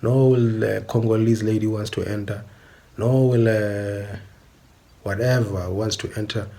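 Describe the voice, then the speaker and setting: A man's voice: on the low side, steady tone, measured pace, vocal fry, warm tone. A man giving an insistent opinionated monologue, often checking that the listener understands. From South Africa. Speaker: commentator.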